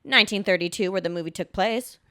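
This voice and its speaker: Bright, crisp young woman podcaster. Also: medium pitch, fast talker. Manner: chatty, sarcastic, lots of "like" fillers. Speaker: podcast co-host. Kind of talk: casual chat.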